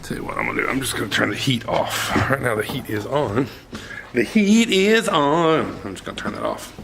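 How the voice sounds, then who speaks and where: A man's voice: fairly low pitch, fast, gravelly, background noise. Candid, rambling youth minister man. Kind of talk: casual vlog reflection.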